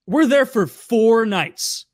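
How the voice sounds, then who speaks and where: A man's voice: very high voice, animated, slow, no room sound, clean studio sound. A man on a podcast, telling casual, profane anecdotes with a wry edge. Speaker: podcast regular. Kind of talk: casual storytelling.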